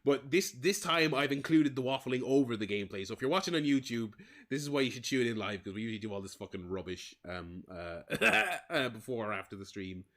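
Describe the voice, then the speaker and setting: A man's voice: mid-range voice, animated, fairly quick, a bit bright. A man from Limerick with an Irish accent, chatting casually while livestreaming a game, rambling, swearing freely and stumbling over restarts. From Limerick, Ireland. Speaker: streamer.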